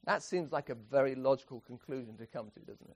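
A man's voice: mid-range voice, brisk. A man preaching an expository sermon, emphatic, often restarting phrases and chuckling.

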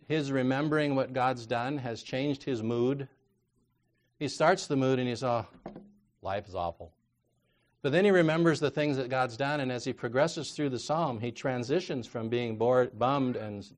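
A man preaching a sermon in a conversational way, reading scripture aloud and moving from quiet asides to loud, emphatic exhortation. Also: medium pitch. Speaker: counselor.

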